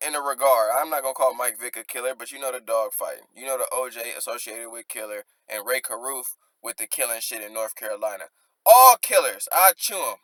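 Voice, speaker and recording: A man's voice: mid-range voice, pushed and bright, no room sound. A man casually breaking down rap lyrics, rereading lines and unpacking them in loose slang. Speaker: rap commentator.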